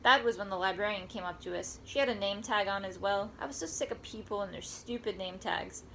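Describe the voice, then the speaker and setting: A woman's voice: mid-range voice, fairly quick, vocal fry, fairly bright tone, a little hiss or hum, rough recording. A woman reading a first-person story aloud in a wry, conversational way. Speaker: audiobook narrator.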